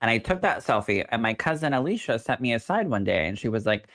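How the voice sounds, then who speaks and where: A young adult man, a psychic medium co-hosting a podcast, telling stories in an animated, campy way. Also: lowish voice, fast, gravelly. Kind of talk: casual podcast chat.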